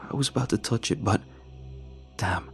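A man voicing a terrified male test subject, with a shaky, breathy and hoarse voice. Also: fairly low pitch, moderate pace, a bit bright, faint music behind. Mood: panicked. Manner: panicked, broken speech.

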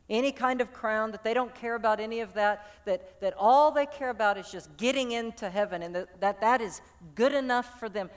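A woman pastor preaching a sermon with passion, often repeating words as she builds a point. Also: a little high.

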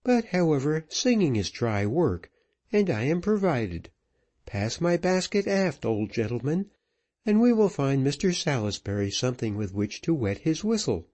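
A man's voice: on the high side, sing-song, normal speed, pitched above the performer's own voice. A man doing Nancy, a wistful former singer woman. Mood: playful. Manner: gentle, wistful, musing.

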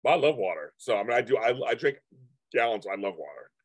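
A man in his fifties rambles through a casual live stream, responding to viewer comments as they roll in. He speaks quickly in a sing-song way, his pitch swinging widely up and down, and the sound is dry and close with no room echo.

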